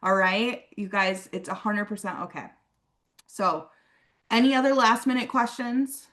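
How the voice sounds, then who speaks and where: A young adult woman leading a casual sales training talk. She keeps checking in with "okay?", and she acts out sample conversations in a brighter, livelier voice. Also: medium pitch, a little slow. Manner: chatty, peppers talk with "okay?" and "like". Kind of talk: casual coaching talk on a team call.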